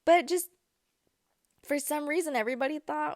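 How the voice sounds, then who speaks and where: A woman's voice: fairly high pitch, normal speed, no room sound, studio quality. A young woman hosting a podcast, telling a personal story in a chatty way with many fillers. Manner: chatty, filler-heavy, animated retelling. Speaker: podcast host. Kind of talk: casual storytelling.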